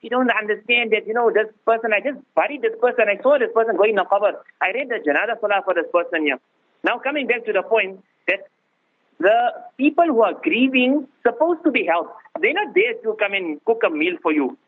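A man's voice: sits high, expressive, fairly quick, breathy edge. A man giving an informal religious talk as a mufti, repeating words and restarting phrases for emphasis. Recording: lo-fi radio broadcast, phone-like band.

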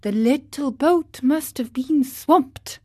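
A woman voicing a polite, calm male dolphin in a storybook reading, speaking in a courteous, measured way. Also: high voice, pitched above the performer's own voice. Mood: grave.

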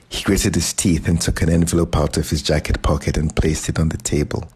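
A man narrating a short story in a calm, measured reading voice. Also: extremely low pitch, slightly rough, low-quality recording. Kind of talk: audiobook narration.

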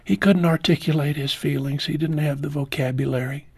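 A man in his sixties speaks as an interview guest, his voice husky and a little breathy. He tells his story slowly and with feeling, sinking low and soft at the hardest parts. The sound is dry and close. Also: fairly even intonation, no echo. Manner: slow, heartfelt storytelling, voice dropping low and soft at painful moments. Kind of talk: personal testimony in an interview.

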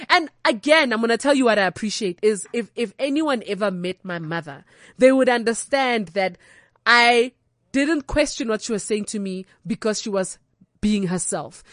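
A young South African woman telling candid, comic stories from her own life, animated and unfiltered. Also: mid-range voice, no echo, clean studio sound. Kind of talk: comic personal storytelling.

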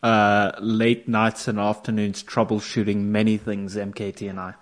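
Relaxed, hesitant male crew member. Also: fairly low pitch, moderate pace. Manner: hesitant, relaxed, uses slang. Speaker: camera operator on the show. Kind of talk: casual chat.

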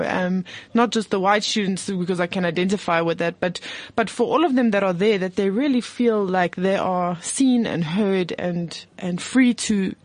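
A woman's voice: on the low side, gravelly, darkish tone, dry recording. A woman, a teacher, speaking hesitantly in a group discussion, often restarting and searching for words. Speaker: teacher and theatre maker.

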